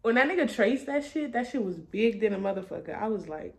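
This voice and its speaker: A woman's voice: medium pitch, animated, a little fast, vocal fry, darkish tone. Young woman swearing through a loose storytime. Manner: profane, loose and laughing. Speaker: vlogger. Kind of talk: casual storytime monologue.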